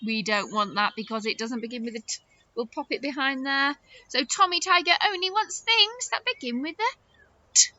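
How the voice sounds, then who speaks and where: Leading young nursery kids through phonics, this high-voiced woman sounds lively and sing-song, with surprised gasps and slow, stretched-out words. The audio is lo-fi.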